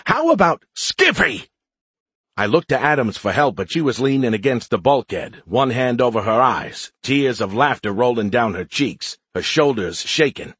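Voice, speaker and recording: A man's voice: mid-range voice, moderate pace, hardly any pauses, fairly bright tone, husky, dry recording. Wry man narrating an audiobook. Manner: wry, exasperated. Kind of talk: first-person scripted narration.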